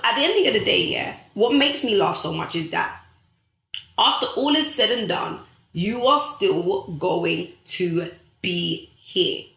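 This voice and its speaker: A woman's voice: on the high side, pushed and bright. Emphatic motivational woman, echoey room. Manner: preachy, emphatic, repeats phrases for effect; addresses viewers directly as guys. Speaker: host of a live stream. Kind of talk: motivational live-stream talk.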